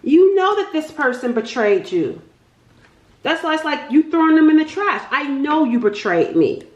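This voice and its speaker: A woman giving a casual tarot reading, chatty and excitable, thinking aloud and often laughing. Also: high voice, moderate pace, highs cut off, background noise. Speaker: tarot reader. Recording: echoey room.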